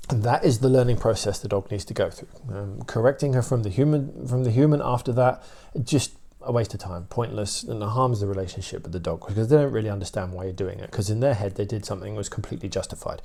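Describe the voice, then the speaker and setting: A British man, a dog trainer, explaining his views in a steady, opinionated casual talk with many fillers. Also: on the low side, fairly quick, creaky.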